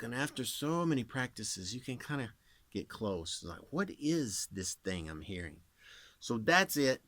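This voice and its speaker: A man's voice: medium pitch, sing-song, measured pace, a bit bright, no room sound. A man in his thirties who works as a voice actor, rambling casually to camera and demonstrating voices as he explains.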